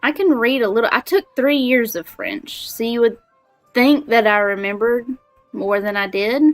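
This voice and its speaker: A woman's voice: on the high side, moderate pace, no room sound, faint music behind. A young woman from Alabama with a Southern accent, chatting in a bubbly, giggly way while she streams a game. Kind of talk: casual gaming livestream chat.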